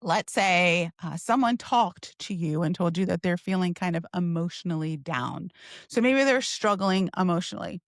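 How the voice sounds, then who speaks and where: A woman sales coach teaching in an upbeat, expressive way and acting out example lines. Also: fairly low pitch, moderate pace, no room sound, studio quality. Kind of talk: teaching monologue.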